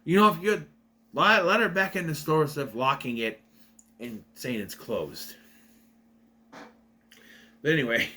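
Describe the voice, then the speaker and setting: A man's voice: on the high side, unhurried, long pauses, sharp tone. A young man giving a casual, rambling review, recapping a plot and correcting himself as he goes. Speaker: video reviewer.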